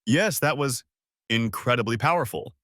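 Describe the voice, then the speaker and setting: A calculating male director who keeps his words gentle and measured, his pitch moving a lot from phrase to phrase. A man plays him in his own voice. Dry and close. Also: animated, no room sound, natural voice. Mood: gently.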